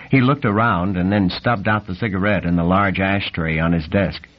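A man reading a novel aloud as the narrator, telling the story at a steady, even pace. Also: low-pitched, moderate pace, few pauses. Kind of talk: scripted audiobook narration. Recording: dull lo-fi recording.

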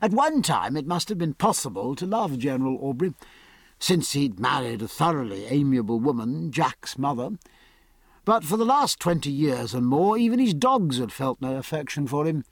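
Expressive male audiobook narrator. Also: medium pitch, dry recording. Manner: measured, expressive storytelling.

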